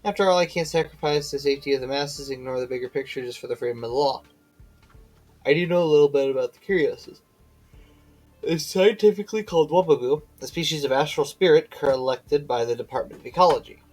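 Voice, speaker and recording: A man's voice: medium pitch, fast talker, faint music behind, rough recording. A tired man streaming a game, reading its dialogue aloud with slips and self-corrections, breaking off to chat and yawning.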